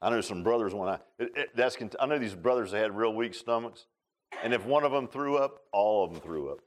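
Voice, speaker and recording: A fairly low-pitched man talks briskly as the pastor delivering a folksy sermon in a church sanctuary. He's animated and laughing, joking around with the congregation and addressing members by name.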